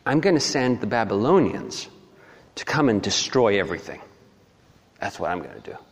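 A man voicing God as a calm, firm, sovereign male figure who speaks quietly and low. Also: normal speed. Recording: long hall reverb.

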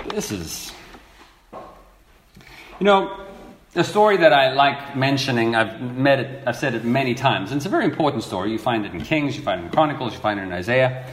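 A man preaching a sermon, reading scripture aloud and acting out the people in the story with lively repetition. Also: medium pitch, normal speed, echoey room. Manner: animated, acts out quoted speakers, repeats words.

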